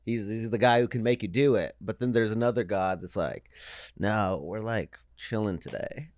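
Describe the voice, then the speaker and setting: A man's voice: fairly low pitch, moderate pace, darkish tone, dry recording, clean studio sound. A man in easygoing, joking podcast chat. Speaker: podcast host. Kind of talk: casual chat.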